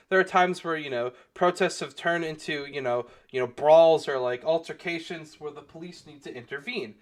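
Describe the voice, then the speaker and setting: A man's voice: fairly high pitch, fairly bright tone. A young man giving casual commentary on a video, rambling with lots of fillers and restarts and swearing freely. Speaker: commentary youtuber.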